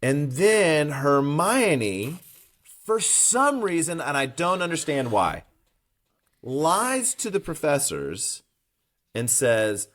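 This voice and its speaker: A man's voice: a little high, sing-song, takes it slowly, fairly bright tone. A man co-hosting a podcast, recapping a book chapter in casual chat and retelling scenes at length with plenty of "you know" and "um". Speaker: podcast co-host.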